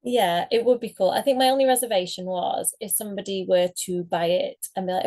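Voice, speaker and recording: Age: adult. Sex: woman. Role: author guest on an interview. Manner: chatty, rambling, laughs a lot, middle-pitched voice. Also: fairly even intonation, brisk, hardly any pauses, dark tone. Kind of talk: casual interview chat.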